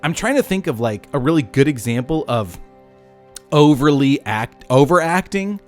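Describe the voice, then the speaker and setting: A man hosting a podcast retells a Bible story casually and jokingly, acting out voices and interrupting himself with asides. His voice is on the high side at normal speed, with faint music in the background.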